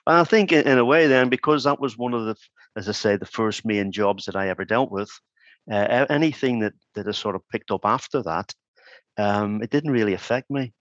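A man's voice: lowish voice, brisk, a bit bright, no echo. A man and former crime scene investigator, talking casually in an interview, hesitant with many ums and restarts. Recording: dull, dry sound.

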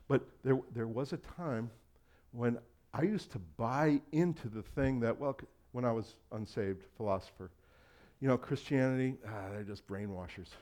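A middle-aged man preaches with easy humor and jokes at his own expense. His voice sits at an ordinary pitch, dropping to quiet asides and then jumping up loud for emphasis. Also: moderate pace. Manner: humorous, self-deprecating storytelling; animated, swings between quiet asides and loud bursts. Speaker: pastor. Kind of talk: sermon.

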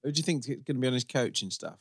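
A man's voice: mid-range voice, fast talker, creaky, slightly rough, dry recording, studio quality. Teasing man on a football podcast. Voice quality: teasing, deadpan jabs. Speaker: podcast co-host. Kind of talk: casual football chat.

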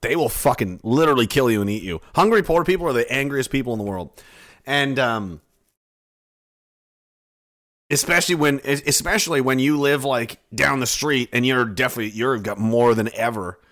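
A man's voice: medium pitch, animated, moderate pace, fairly bright tone. A man ranting in a rambling, sarcastic comedy monologue, swearing often. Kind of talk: profane comedic rant.

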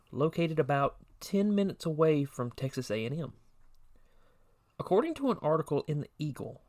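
A man's voice: a little high, a little mellow. A man co-hosting a true crime podcast, reading a prepared case summary with occasional personal asides. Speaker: podcast co-host.

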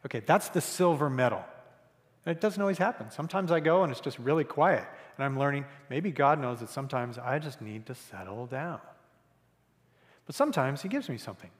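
A man preaching a conversational sermon as pastor, earnest and repeating key phrases for emphasis. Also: medium pitch. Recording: reverberant church hall.

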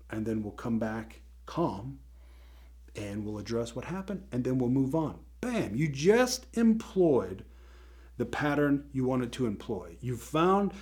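A man's voice: mid-range voice, darkish tone. A man with a mid-range voice delivers a motivational faith teaching as host of his own show. He speaks in a conversational, emphatic way and often checks in with his listeners.

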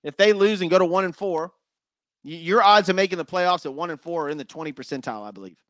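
A man hosting a solo sports talk show, energetic and chatty, laughing at his own takes. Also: fairly high pitch, quick pace, dry recording.

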